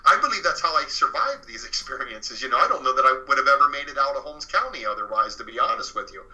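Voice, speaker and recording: A man tells his story as an interview guest, speaking earnestly and often circling back with fillers and restarts. His voice has a sharp, very bright edge, heard through slightly muffled, lo-fi audio. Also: mid-range voice, animated, fast.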